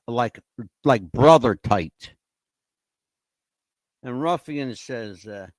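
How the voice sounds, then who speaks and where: Guy hosting his own show, voice jumping all over, high-ish and dry, keeps stumbling over words. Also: dry recording. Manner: animated, questioning, addresses chat by name; stammers and repeats words. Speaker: podcast host. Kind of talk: casual livestream talk to viewers.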